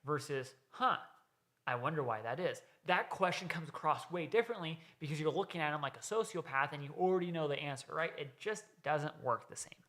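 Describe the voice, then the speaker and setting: A man's voice: on the high side, lively intonation, a little fast, hardly any pauses, fairly bright tone. A man hosting a reaction video, explaining sales techniques in casual commentary with frequent "right?" asides.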